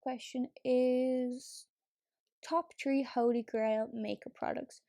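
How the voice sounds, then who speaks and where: A woman's voice: high-pitched, fairly even intonation, takes it slowly, dark tone, no room sound, clean studio sound. Chatty, casual young-sounding woman vlogger. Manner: chatty, filler-heavy, swears casually. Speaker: beauty vlogger. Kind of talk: casual get-ready-with-me chat.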